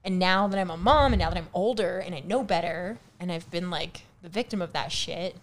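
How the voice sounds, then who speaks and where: Young woman just chatting, blunt and sweary, kinda low voice, lots of restarts. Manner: candid, swears often, quick restarts. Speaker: podcast co-host. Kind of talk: casual chat.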